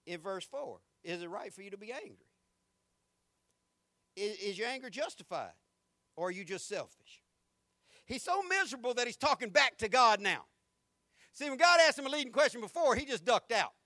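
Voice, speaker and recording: A man preaching a folksy, emphatic sermon, rising to shouts at peaks. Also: extremely high pitch, no room sound, studio quality.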